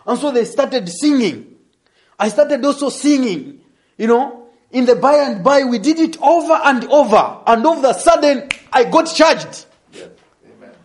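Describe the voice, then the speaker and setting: A young adult man telling a testimony in a sermon, animated and laughing as he tells the story. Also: extremely high pitch. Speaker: preacher.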